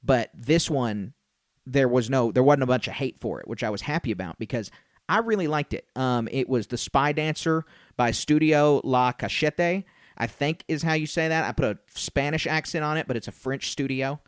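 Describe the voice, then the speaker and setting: A man's voice: medium pitch, brisk, no echo, clean studio sound. A young man co-hosting a casual podcast review chat, rambling with frequent fillers and restarts. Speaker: podcast co-host.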